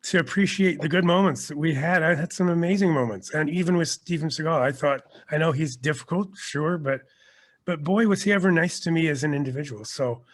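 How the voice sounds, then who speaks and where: A man's voice: on the high side, brisk. A man from Canada, an actor and teacher, telling long rambling stories as a podcast guest. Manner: rambling storyteller, lively, often restarts. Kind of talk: casual podcast interview.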